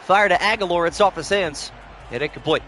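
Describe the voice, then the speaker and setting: A young man with a high, bright, forceful voice calls play-by-play on a live stream at a slightly quick clip, with slight background noise. He's short on sleep and shifts between announcer-style calls and casual talk with viewers.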